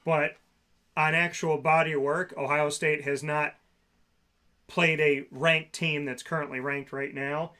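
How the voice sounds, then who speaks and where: A man's voice: fairly high pitch, level tone, unhurried, pushed and bright. A man co-hosting a casual sports talk show, sarcastic and ranting about team rankings.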